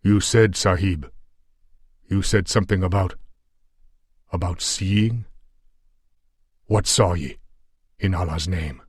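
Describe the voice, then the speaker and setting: A man voicing a battered, pious Afghan warrior who croaks and talks in archaic oaths, in an audiobook reading. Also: sits low, slow, long pauses, dry recording, studio quality, heavily acted. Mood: earnest. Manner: archaic, oath-laden speech. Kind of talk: audiobook character voice.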